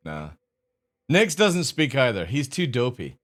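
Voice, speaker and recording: A man streaming live, chatting casually to his viewers and coaxing his dogs with a high sing-song voice. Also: wildly swooping pitch, a little slow, fairly bright tone.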